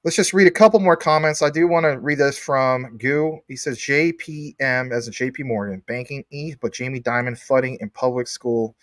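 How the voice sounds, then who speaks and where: A man's voice: medium pitch, moderate pace, hardly any pauses, fairly bright tone, no echo, clean studio sound. A man hosting a casual livestream, upbeat as he reads viewer comments aloud. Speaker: livestream host.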